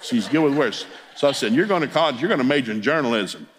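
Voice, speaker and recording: A man's voice: mid-range voice, lively intonation, quick pace. Folksy, chuckling middle-aged preacher man. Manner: humorous, chuckles while telling stories. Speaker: Pentecostal preacher. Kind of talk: folksy storytelling sermon.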